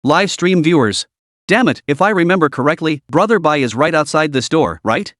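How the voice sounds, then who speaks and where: A man voicing a mocking young male live-stream viewer in a web novel reading, with a scoffing, drawn-out delivery. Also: on the high side, lively intonation, a bit bright, no room sound, studio quality.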